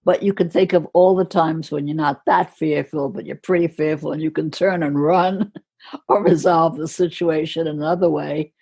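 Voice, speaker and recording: An older American woman telling a story slowly and with care, laughing softly between phrases, as a guest on a podcast. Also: low-pitched, steady tone, creaky, slightly rough. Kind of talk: storytelling in conversation.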